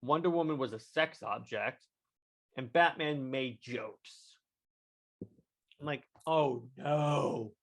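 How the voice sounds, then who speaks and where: A young adult man hosting a solo podcast review, talking excitedly and rambling with many stammered restarts. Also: mid-range voice, slow, long pauses. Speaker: podcast host.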